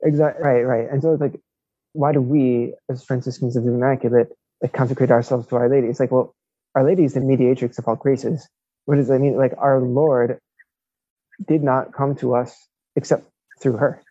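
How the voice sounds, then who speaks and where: Dark-voiced friar on a dull call line. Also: male voice, medium pitch, little pitch movement, moderate pace, breathy edge, no room sound. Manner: talkative, peppers speech with "like". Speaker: Franciscan friar, guest. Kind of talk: casual conversation. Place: Italy.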